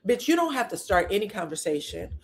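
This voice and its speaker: A woman's voice: medium pitch, big pitch swings, fast. A woman giving a sassy, casual recap of reality TV drama, full of rhetorical questions and blunt asides. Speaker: reality TV commentator.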